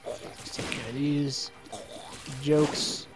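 A man casually commenting on his own gameplay, excitable and swearing a lot, with a slightly hoarse voice. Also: a little high, drawn-out words, music in the background. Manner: excitable, swears a lot, sudden loud outbursts. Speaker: let's play gamer.

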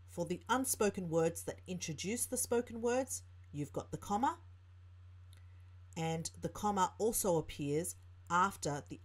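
A woman's voice: on the low side, husky. A woman tutor with an Australian accent, explaining a writing lesson and reading example sentences aloud. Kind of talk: teaching lesson narration.

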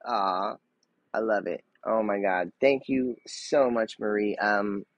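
A man in his thirties on a casual live stream, gushing and excitable, full of fillers and restarts, now and then dropping to a soft murmur. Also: lowish voice, takes it slowly, no room sound, muffled recording.

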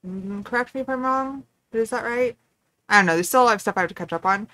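Excitable young woman reacting to a video. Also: a little high, fast. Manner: excitable, swearing, frequent laughs and outbursts. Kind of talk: casual reaction commentary.

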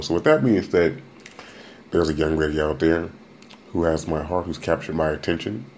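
Young man, very low voice, podcast host, casual rambling monologue, restarts and repeats, light hiss. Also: darkish tone. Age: young adult. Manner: rambling, joking, repeats words and restarts often.

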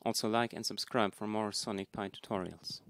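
Low gravelly man explaining software. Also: fairly even intonation, moderate pace. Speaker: tutorial host. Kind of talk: screen-recorded software tutorial.

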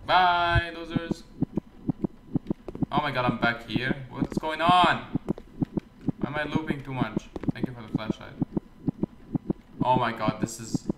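A man's voice: medium pitch, measured pace, long pauses, roomy sound, heavy background noise. A man giving sarcastic, joking let's play commentary, swearing as he goes. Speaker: gamer.

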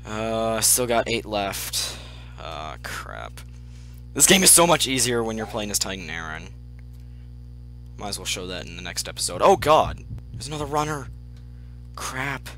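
A young man commentating his own gameplay, muttering to himself and then breaking into excited yelps. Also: fairly low pitch, measured pace, pauses often, faint music behind. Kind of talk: let's play commentary.

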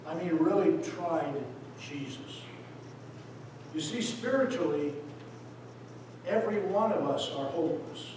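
A man, a missionary preacher, giving an impassioned sermon that swings between loud appeals and hushed words. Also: high-pitched, a little hiss or hum. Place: church sanctuary. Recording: echoey hall, voice from far off.

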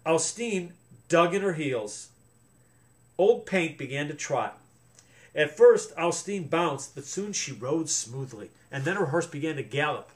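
A man's voice: on the high side, animated, unhurried. A man reading a children's book aloud, stopping to explain things to young listeners.

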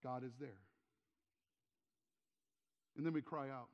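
A man's voice: medium pitch, steady tone, takes it slowly, big-room sound, dull audio. An older man preaching a sermon as pastor in a church, talking in a conversational way, asking rhetorical questions and repeating key phrases. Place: church sanctuary.

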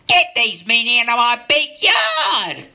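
A man voicing a frantic old woman who shrieks in a high, panicky voice. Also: wildly swooping pitch, normal speed, pushed and bright, exaggerated voice. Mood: furious. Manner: shrill and panicky.

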